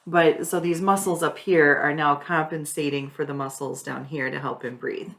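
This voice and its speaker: A woman's voice: low-pitched, fairly even intonation, normal speed, vocal fry, a bit bright. A middle-aged woman explaining her husband's care plainly in casual chat, laughing often. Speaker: wife and caregiver explaining hospice care.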